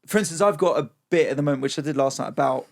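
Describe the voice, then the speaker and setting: Laughing young southern English comedian. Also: male voice, fairly high pitch, racing, creaky. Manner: animated, laughing storyteller who acts out quotes. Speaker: comedian guest. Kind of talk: casual chat.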